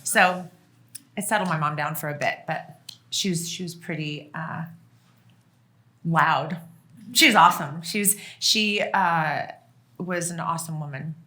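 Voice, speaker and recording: A middle-aged woman tells family stories casually to a listening room. Her voice is bright and clear, and she laughs often and restarts her sentences. Her tone stays chatty and relaxed throughout. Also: low voice, a little slow, pauses often. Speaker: author and guest speaker. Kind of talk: casual storytelling to an audience.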